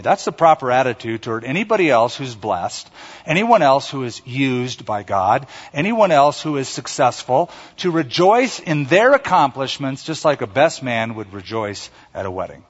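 Slightly rough and mid-range, a man's voice moves at an ordinary pace as he preaches as pastor with animation. He performs the quotes in character and leads the congregation in echoing lines. Sound is muffled, carrying a long reverb from the hall.

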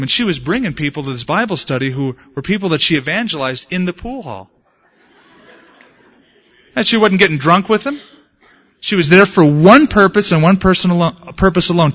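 Guy preaching a sermon, bright voice, chatty then punchy, kinda muffled lo-fi recording. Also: on the high side. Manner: conversational preaching with anecdotes, rising to emphatic bursts. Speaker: pastor.

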